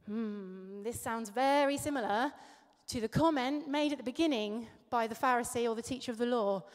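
A woman's voice: fairly high pitch, normal speed, hardly any pauses. A woman preacher giving a sermon, telling stories with self-deprecating humour. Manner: warm storytelling, laughing at herself. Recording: echoey hall.

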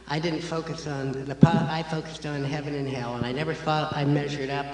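A man sharing his personal testimony before his baptism, speaking earnestly and haltingly with many restarts. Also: on the high side. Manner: halting, self-correcting, earnest. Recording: echoey church hall with faint noise.

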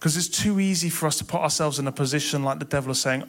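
A man's voice: on the high side, fast talker, fairly bright tone. A young man preaching a sermon in a church, impassioned and building to emphatic swells.

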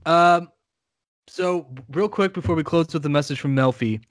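A man's voice: a little high, moderate pace, dry recording, clean studio sound. A man co-hosting a podcast, chatting casually and steering the talk in a laid-back, wry way. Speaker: podcast co-host. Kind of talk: casual chat.

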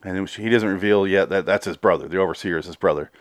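With a low-sitting voice on a dry recording, this podcast host loosely runs through a TV episode. He rambles, laughs, curses often, and fires off quick quotes from the characters.

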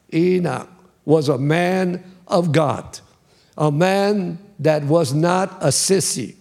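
A man's voice: high-pitched, a little mellow. A man preaching as a pastor, in an emphatic style with a lot of repetition. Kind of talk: sermon.

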